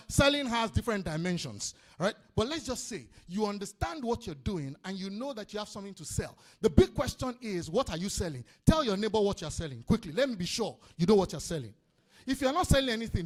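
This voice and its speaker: A man with a Nigerian accent giving an energetic business seminar talk, calling out to the audience and repeating his points. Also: sits high. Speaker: business speaker. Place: conference hall before an audience.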